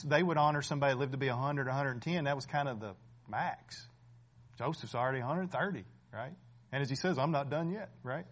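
A man in his forties preaching a sermon in a conversational way, often asking "right?" and building to loud, emphatic peaks. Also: on the high side. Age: 40s.

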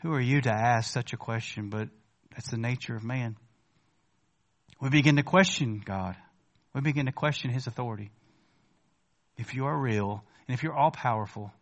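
A pastor with a mid-range voice preaches a sermon in church, talking conversationally to the congregation. He builds to emphatic questions, then drops into quiet asides.

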